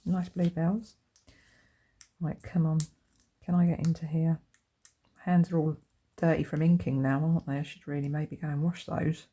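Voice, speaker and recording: A woman hosting a crafting video, chatting casually to camera and getting excited over her materials, with lots of tag questions. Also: low voice, normal speed, pauses often, muffled recording. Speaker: crafting channel host.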